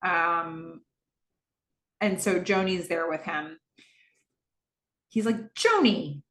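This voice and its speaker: A woman's voice: fairly low pitch, steady tone, drawn-out words, a bit bright. Chatty podcast host woman, roomy echo. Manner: chatty with frequent fillers. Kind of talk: casual episode recap.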